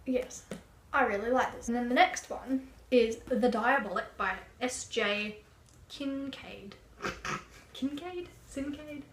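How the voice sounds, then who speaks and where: A woman's voice: on the high side, unhurried, a bit bright. A young Australian woman chatting casually as a book vlogger, rambling, with frequent "like" fillers. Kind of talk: casual chat. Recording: echoey room, faint background noise.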